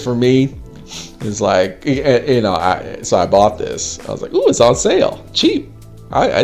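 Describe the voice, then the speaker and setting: A man in his forties talking casually as a host, laughing often and mimicking others in a mocking high voice. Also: creaky, a little mellow. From United States. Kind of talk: casual chat.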